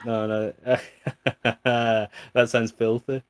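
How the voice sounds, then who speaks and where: A man's voice: lowish voice, little pitch movement, very slow, clean tone, no echo, clean studio sound. A man co-hosting a podcast in casual banter, rambling with fillers, laughing and swearing freely. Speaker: podcast co-host.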